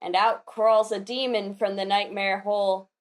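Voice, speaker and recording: A woman, a podcast panelist, recapping a comic chapter in animated, enthusiastic casual chat. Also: medium pitch, moderate pace.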